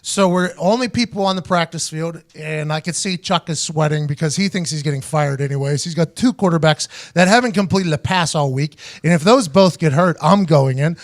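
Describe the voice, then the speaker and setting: A man hosting his own podcast, telling stories loudly and with a lot of animation, swearing freely and laughing often. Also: a little high, a little fast, hardly any pauses. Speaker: podcast host. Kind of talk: casual storytelling.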